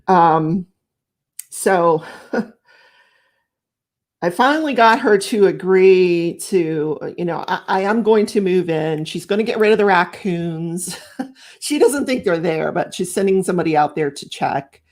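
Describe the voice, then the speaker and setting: A woman's voice: lowish voice, a little mellow. A middle-aged woman hosting a live crafting stream from home, chatting casually, rambling and laughing as she reads out viewer comments.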